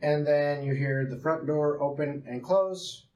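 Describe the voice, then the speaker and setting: High-voiced man running a tabletop game. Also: a little mellow, muffled recording. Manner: casual, halting narration with restarts. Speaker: game master. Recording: echoey room, faint noise.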